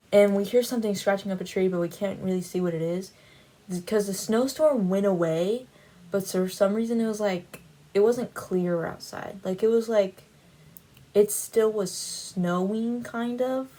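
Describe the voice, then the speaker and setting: A Christian vlogger with a medium-pitched, dark voice casually describes a dream, rambling and saying "like" constantly, before drawing a faith lesson from it. The recording quality is low.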